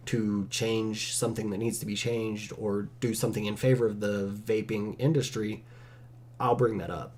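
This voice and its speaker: Laid-back rambling man with a low mellow voice. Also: breathy edge. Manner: rambling, casual, sarcastic asides. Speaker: vape channel host. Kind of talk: rambling casual vlog.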